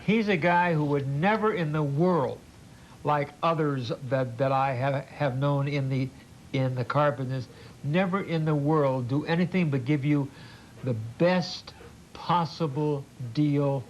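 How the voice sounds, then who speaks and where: An older male TV host doing an in-studio sales pitch, halting and repeating words, with a jokey folksy manner. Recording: muffled old TV broadcast with faint hiss.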